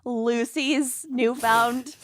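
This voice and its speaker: A woman co-host reading the show intro with a slow, giggly delivery. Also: on the high side, steady tone, slight background noise. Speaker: podcast co-host. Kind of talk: scripted show intro then chat. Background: music bed.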